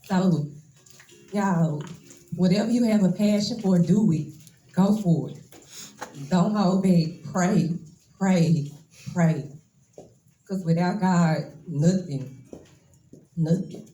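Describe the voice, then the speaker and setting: A woman's voice: on the low side, slow pace, pauses often, warm tone, roomy sound, rough recording. A woman in her twenties gives a nervous, emotional, casual speech as a braider at a hair shop event. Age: 20s.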